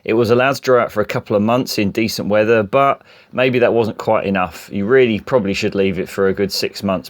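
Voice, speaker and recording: Lowish practical man walking you through a diy job, no-frills, dry close sound. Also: no room sound. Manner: practical, plain-spoken, explanatory. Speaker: decorator explaining a job. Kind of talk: DIY tutorial.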